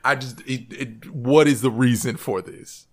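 A man co-hosting a casual podcast, ranting in an animated, comic way. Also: mid-range voice, measured pace. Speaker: podcast co-host.

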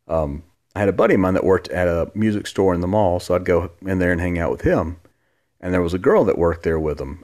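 A man in his forties hosting his own podcast, telling a loose, rambling story with casual swearing. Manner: laid-back, rambling, profanity, jumps up high quoting others. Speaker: podcast host.

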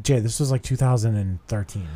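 A man in his thirties co-hosting a casual chat, telling a long story in an animated, self-deprecating way with frequent swearing. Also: lowish voice, fairly quick. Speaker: podcast co-host.

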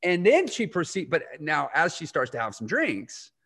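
His fairly high, slightly bright voice swoops wildly in pitch while he keeps a moderate pace. The man is a podcast host in a relaxed interview, spinning rambling stories and breaking into his own sentences often.

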